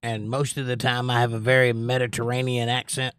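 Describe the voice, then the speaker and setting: A man's voice: medium pitch, completely flat delivery, a little fast, fairly bright tone, clear, resonant tone. A man from Georgia with a lightly Southern accent, hosting a livestream, reading chat messages aloud and musing on them at length. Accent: Georgia (US Southern), mostly suppressed. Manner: reads chat aloud in a lifted voice, then muses analytically. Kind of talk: casual chat.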